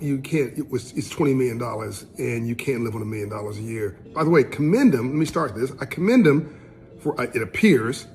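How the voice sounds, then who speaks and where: A man's voice: medium pitch, a little mellow. A man giving commentary on money habits, earnest and building to emphatic outbursts. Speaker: financial literacy speaker. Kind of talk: commentary on a played clip.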